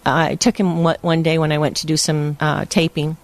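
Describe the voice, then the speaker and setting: An older woman from Hawaii telling lively stories in a casual interview and laughing often. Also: sits low, normal speed. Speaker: interview guest. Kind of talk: casual storytelling.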